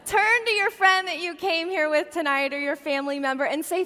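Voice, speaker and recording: A woman in her forties with a high voice tells a funny personal story to a church crowd. Her tone is bright, chatty and self-deprecating. A long reverb from the big auditorium trails each phrase. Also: moderate pace, slight background noise. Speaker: guest speaker at a church Christmas event. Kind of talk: humorous personal storytelling message.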